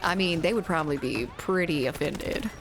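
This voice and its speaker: A woman's voice: on the low side, normal speed. A woman with a Southern US accent chatting casually with her livestream chat while playing a game, laughing often and swearing freely. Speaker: streamer.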